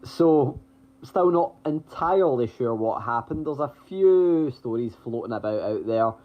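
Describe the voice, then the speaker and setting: A man's voice: medium pitch, lively intonation, a little slow. A man co-hosting a podcast, running through the week's wrestling news in a chatty way, with lots of ums, restarts and the odd chuckle. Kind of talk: casual news rundown. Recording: dull lo-fi audio.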